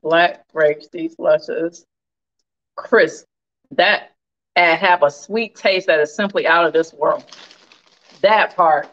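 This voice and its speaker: A woman hosting a casual live cooking stream, animated and laughing often as she reads viewer comments aloud. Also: low voice, slow, pauses often, dull audio.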